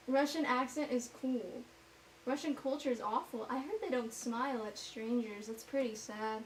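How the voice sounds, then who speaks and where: A woman vlogger chatting casually to herself as she paints, rambling and self-mocking as she thinks out loud. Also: on the high side, normal speed, slight background noise, poor audio.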